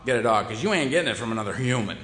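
Heavy background noise and echoey hall reverb surround a man recounting his recovery story for laughs. He talks very fast at medium pitch with lively intonation, in a wry, self-mocking, chatty manner.

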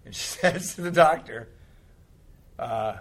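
A man's voice: medium pitch, animated, takes it slowly, fairly bright tone. A middle-aged man in recovery tells a personal story in casual chat. His delivery is wry and anecdotal, and he laughs often. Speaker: guest in recovery.

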